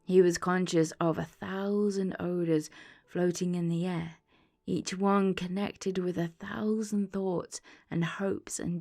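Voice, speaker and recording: A woman reads a classic tale aloud at a slow, unhurried pace in a somewhat low voice. Her bedtime-story narration stays calm and measured, with faint ambient music playing behind her. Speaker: audiobook narrator. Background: soft ambient music.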